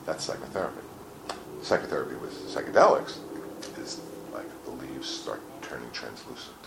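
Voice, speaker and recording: A man with a very deep, gravelly voice, talking as a guest in a relaxed chat. His pitch swings widely as he acts out little scenes and swears without a second thought. The sound has an echoey room to it with faint hiss underneath. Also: a little fast. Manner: animated storyteller, acts out quotes, swears casually. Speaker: interview guest. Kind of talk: casual explanatory talk.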